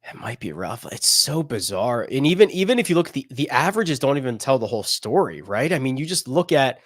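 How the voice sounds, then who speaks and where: Animated man talking golf picks. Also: mid-range voice, a little fast, no room sound, studio quality. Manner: animated, rambling, laughs while talking. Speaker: podcast co-host. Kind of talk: casual golf betting chat.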